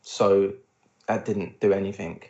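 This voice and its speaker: A young man co-hosting a podcast in casual chat, animated when telling stories and acting out what others said, swearing freely. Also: low-pitched, unhurried. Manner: animated storytelling, acts out quotes, swears. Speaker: podcast co-host. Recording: roomy, dull lo-fi sound.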